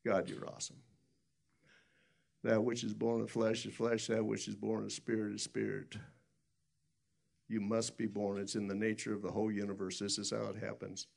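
A man's voice: lowish voice, monotone, moderate pace, gravelly, long pauses, a little mellow. A man preaching a sermon, telling stories in an earnest, rambling way with many restarts.

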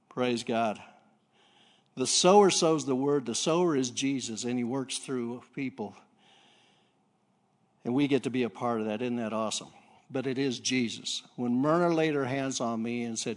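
Storytelling preacher man, loud rising peaks. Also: mid-range voice. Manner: halting, repeats words, clears throat. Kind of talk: sermon.

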